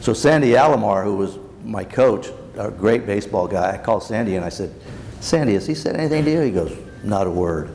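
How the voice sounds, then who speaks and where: A man's voice: on the low side, animated, a little fast, darkish tone. Older man, blunt storyteller, acted-out dialogue, long hall reverb, faint background noise. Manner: blunt, acts out quoted dialogue. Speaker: former baseball manager, keynote guest. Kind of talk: anecdotal storytelling in a Q&A. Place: large banquet hall.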